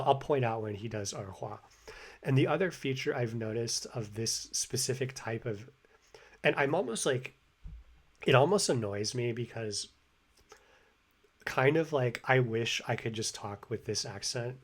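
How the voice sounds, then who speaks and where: A man's voice: medium pitch, unhurried, slightly rough. A man hosting a language-learning video, a native English speaker talking casually and rambling with many restarts. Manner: rambling, lots of fillers and restarts. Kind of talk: casual commentary.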